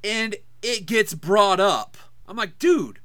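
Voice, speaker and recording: A podcast co-host with a high, lively voice that leaps up and down as he vents. His tone is bright and sharp, and he swears freely in casual banter. The sound is close and dry. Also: moderate pace, no echo. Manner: crass, animated, profane ranting.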